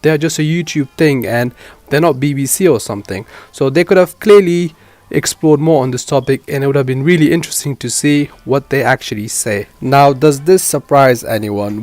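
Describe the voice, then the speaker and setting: A man in the middle of the pitch range talks straight to his viewers, earnest and emphatic as he lays out his case. The recording is dry and close, with no room sound around him. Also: a little mellow, no echo. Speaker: commentary channel host. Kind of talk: reaction commentary.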